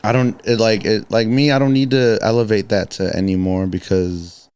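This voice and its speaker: A man's voice: lowish voice, fairly even intonation, moderate pace, darkish tone, smooth. A man from the south side of Chicago, a podcast guest chatting casually in laid-back street slang. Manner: laid-back street slang, lots of "you know what I'm saying". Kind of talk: casual chat.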